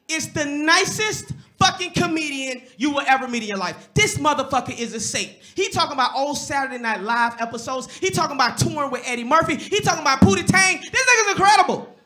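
A man performing a loud, animated stand-up set on a comedy club stage, jumping into shouted voices as he tells a story. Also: very high-pitched.

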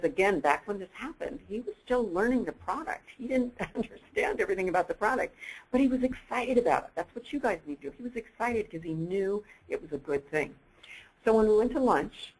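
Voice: mid-range voice, slightly rough, poor audio. A presenter giving an upbeat sales training webinar, coaching listeners directly and acting out bits of dialogue.

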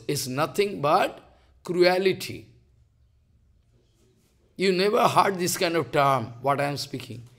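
Bengali-accented male preacher, high gravelly voice, impassioned sermon. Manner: impassioned, halting, acts out quoted dialogue. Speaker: spiritual teacher. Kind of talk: devotional sermon.

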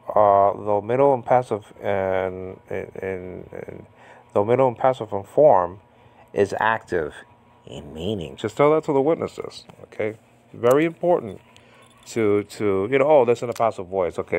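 A man's voice: lowish voice, gravelly, a little mellow. A man giving a casual, unscripted Bible Greek lesson, rambling with frequent restarts and a combative tone.

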